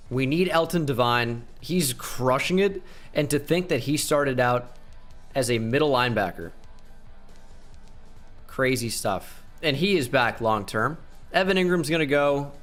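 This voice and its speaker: A man's voice: medium pitch, fairly bright tone. A man hosting casual video game commentary, rattling off stats with joking asides and cheering his team on. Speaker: gaming channel host.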